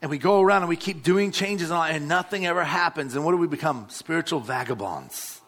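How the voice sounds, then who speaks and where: A man's voice: a little high, brisk, a bit bright. A male pastor, preaching a sermon and calling out to the congregation. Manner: exhorting, calls out to the congregation.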